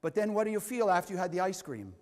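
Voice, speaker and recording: Man, high voice, spiritual teacher, emphatic, questions the audience, long hall reverb. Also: sing-song, fast talker. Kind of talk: spiritual lesson. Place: lecture hall.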